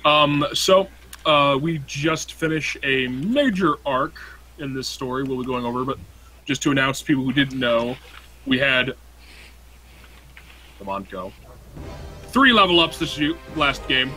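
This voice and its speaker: A young man running a tabletop game for his friends, with a bright, forceful voice at an ordinary pitch. He talks in a laid-back, joking way and curses freely while he recaps the campaign. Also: a little slow, long pauses, a little hiss or hum, low-quality recording. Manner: laid-back, profane banter. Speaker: game master. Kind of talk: casual tabletop game narration.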